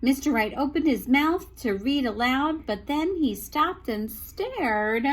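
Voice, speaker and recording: A woman teacher reading a picture book aloud to children, with expressive storytelling and small asides. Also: high-pitched, takes it slowly, hardly any pauses.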